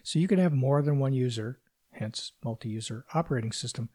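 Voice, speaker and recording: A man hosts a casual tech podcast in an even, mid-range voice. He explains things step by step in a friendly, conversational way. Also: medium pitch, brisk. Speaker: podcast host.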